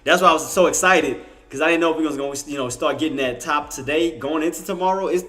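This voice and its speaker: A man from Louisiana with a Cajun accent, giving casual, excitable livestream commentary on stock trading, with lots of Southern slang and self-corrections. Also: a little high, fast.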